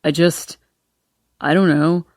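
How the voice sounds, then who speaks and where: Audiobook: woman reading a cocky young male cop, low and teasing, dry close recording. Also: steady tone, takes it slowly, a little mellow, dry recording.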